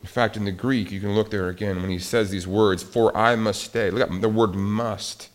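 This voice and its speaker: Animated conversational male preacher. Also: lowish voice, normal speed. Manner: conversational, animated preaching with swings between soft and loud. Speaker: pastor. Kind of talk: sermon.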